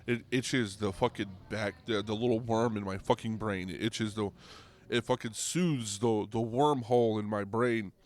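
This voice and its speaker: A young man hosting a podcast, ranting comedically with lots of swearing and restarts, getting louder and higher when worked up. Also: steady tone, normal speed. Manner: rambling, profane, restarts, goes loud and high when riled. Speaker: podcast host. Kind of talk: comedic rant.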